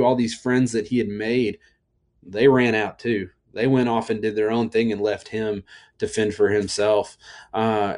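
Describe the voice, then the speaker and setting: A man's voice: mid-range voice, darkish tone. A young adult man giving a casual sermon as a youth pastor, chatty and full of asides and fillers.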